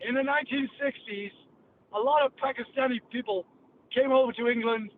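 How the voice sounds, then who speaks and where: A man's voice: very high-pitched, a little fast. A male podcast host with a Cockney accent, rambling through a brash, profane monologue. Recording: tinny phone-like line, faint hiss.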